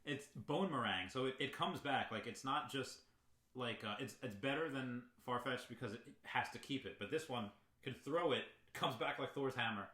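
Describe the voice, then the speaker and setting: A man's voice: mid-range voice, moderate pace, pushed and bright, roomy sound. A man co-hosting a casual podcast, chatting enthusiastically and rambling with frequent laughs. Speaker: podcast co-host. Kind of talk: casual chat.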